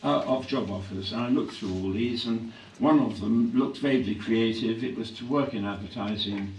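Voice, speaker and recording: An older English man reflecting on his acting career in a live on-stage interview, clearing his throat often as his voice grows hoarse. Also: lowish voice, normal speed. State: voice growing hoarse. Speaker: actor being interviewed. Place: hall at a public event. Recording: echoey hall from a distance, faint hum.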